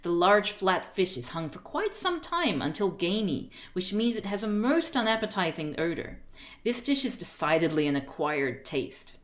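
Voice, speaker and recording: A woman's voice: lowish voice, big pitch swings, normal speed. A woman streamer reading a book aloud on a live stream, breaking off with giggling asides and stumbling over unfamiliar words.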